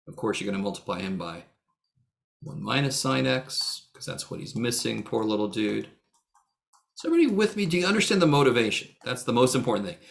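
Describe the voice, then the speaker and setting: Heard through a video call mic, a male math teacher with a medium-pitched, creaky, slightly bright voice delivers a casual online lecture. His manner is joking and blunt, with free swearing and teasing of students by name.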